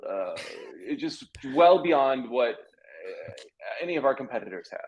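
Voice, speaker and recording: A man's voice: mid-range voice, big pitch swings, unhurried, muffled recording. Man doing a comic impression: terse tech CEO, wobbly South African accent, dismissive. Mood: matter-of-fact. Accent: South African, put on.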